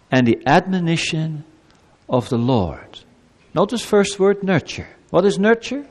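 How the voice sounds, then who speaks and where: A man delivers a sermon with a lively, rising and falling delivery. He slips into pleading lines spoken as God. His voice sits a little high and rings through a church with a long reverb. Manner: animated preaching, voicing God's words in a warm, pleading tone. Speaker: pastor.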